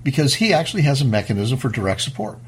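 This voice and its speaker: Animated man with a husky voice. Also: medium pitch. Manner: animated, fast-paced, repeats and restarts words. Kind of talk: casual talk-show monologue.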